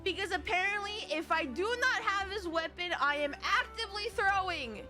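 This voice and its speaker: A young woman streaming a game live, chatting casually with her viewers; giggly and animated, and she swears freely. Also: extremely high pitch, normal speed, loud music behind the voice.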